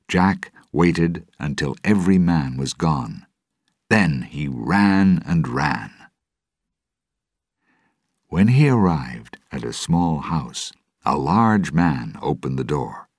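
A man narrating an audiobook of a simplified novel, slowly and expressively. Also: rumbling low, dry recording, clean studio sound. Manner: slow, clear, expressive. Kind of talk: audiobook narration of a graded reader.

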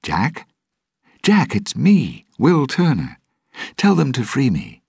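A man's voice: low-pitched, big pitch swings, moderate pace, breathy edge, no room sound, studio quality, exaggerated voice. A man voicing an anxious young man who pleads urgently for help. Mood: pleading.

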